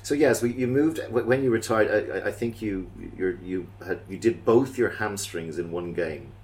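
Deep-voiced deadpan male host. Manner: deadpan teasing, pauses with fillers. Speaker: podcast host. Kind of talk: playful mock interview.

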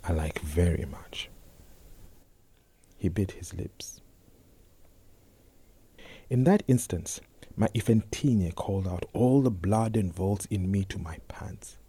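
A young man telling a personal story in a slow, intense spoken-word reading, often sinking to a whisper. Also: fairly low pitch, mellow, breathy edge. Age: young adult.

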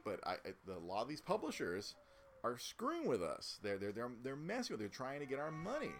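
Guy ranting on a podcast, low voice that jumps all over, keeps stumbling and restarting. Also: a little hiss or hum. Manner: animated, many stammered restarts. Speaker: podcast co-host. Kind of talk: casual podcast rant.

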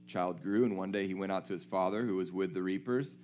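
Deep-voiced man preaching. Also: fast, darkish tone, a little hiss or hum. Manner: conversational, checks in with listeners. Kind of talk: sermon with scripture reading.

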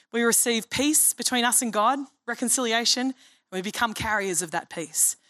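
A woman's voice: mid-range voice, fairly bright tone. A woman pastor preaching a sermon in an earnest, storytelling way. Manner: earnest, storytelling, acts out dialogue.

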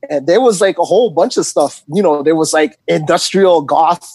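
A man's voice: a little high, normal speed, darkish tone, no echo. A man with a New York accent, a DJ chatting casually on a podcast, rambling with lots of ums. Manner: rambling, many ums and you-knows. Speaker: guest DJ.

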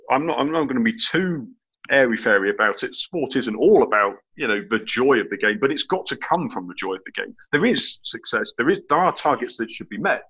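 A man's voice: medium pitch, fairly bright tone, husky, lo-fi sound. A man speaking as a panelist on a sports show, giving earnest, rambling opinions.

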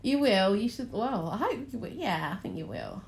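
A woman's voice: medium pitch, big pitch swings, normal speed, gravelly. A young woman co-hosting a podcast, chatting casually, teasing and laughing often. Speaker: podcast co-host. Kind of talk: casual chat.

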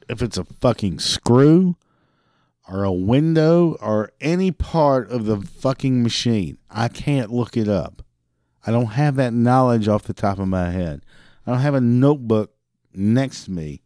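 A man's voice: medium pitch, animated, a little slow, dark tone, no room sound, clean studio sound. A man who works a parts counter, ranting profanely about customer service calls and mimicking the callers. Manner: drinks beer while talking. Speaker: parts department worker. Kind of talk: ranting monologue.

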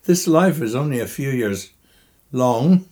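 A man's voice: medium pitch, lively intonation, measured pace, darkish tone. A man of seventy-five talking from his bed in a podcast interview, breathless and emotional, reflective and chuckling, choking up at times, with a microphone lying on the bedsheet. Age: 70s. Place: bedroom, recorded from bed. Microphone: microphone resting on the bedsheet.

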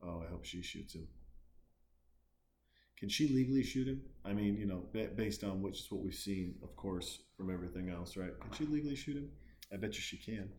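A male comedian watches a horror film and offers profane, sarcastic commentary, muttering quietly before erupting into loud outbursts. He sounds animated and brisk, and the recording is roomy with a bit of hiss or hum.

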